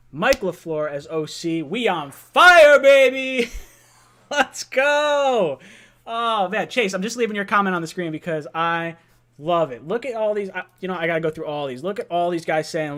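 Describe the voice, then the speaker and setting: A young man hosting a live-stream call-in fan show, excited, laughing and often shouting. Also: fairly high pitch, a little fast.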